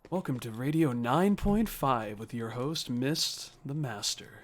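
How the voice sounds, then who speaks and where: A man putting on the voice of a smooth radio show announcer, stretching the words out slowly. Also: medium pitch, animated. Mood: announcing.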